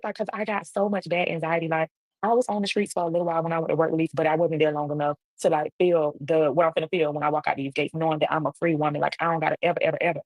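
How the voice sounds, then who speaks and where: Fast-talking husky woman with gravelly fry. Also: sits low, no echo, poor audio. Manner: animated, acts out quoted voices. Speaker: livestream storyteller. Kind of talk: casual storytime monologue. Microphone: livestream computer mic.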